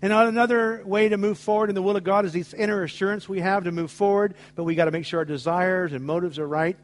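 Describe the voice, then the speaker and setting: A man's voice: sits high, steady tone, quick pace. A middle-aged man preaching a sermon, telling stories with acted-out dialogue in an emphatic way. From United States. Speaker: pastor.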